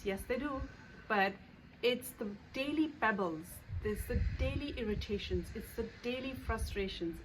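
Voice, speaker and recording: A woman's voice: medium pitch, slight background noise, poor audio. A woman coach speaking casually to camera, telling everyday stories with many fillers. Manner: conversational, many fillers and anecdotes. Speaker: EFT coach and author.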